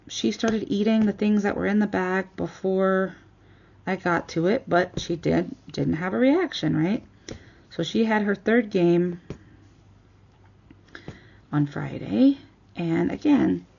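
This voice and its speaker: A woman vlogger chatting casually as she crafts, retelling a story with lively quoted dialogue. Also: medium pitch, a little slow, gravelly, pauses often, muffled recording.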